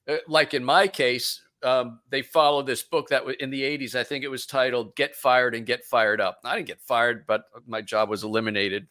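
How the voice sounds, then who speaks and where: A man's voice: mid-range voice, a bit bright. A man hosting a radio interview show, asking rambling, joking questions in a casual way. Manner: chatty, jokey, rambling questions.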